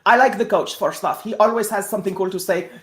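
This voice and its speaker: A woman co-hosting a sports talk show, making her points emphatically and doubling back on words when she presses hard. Her voice is neither high nor low. The room around her rings with a noticeable echo. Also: fast. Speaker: podcast co-host.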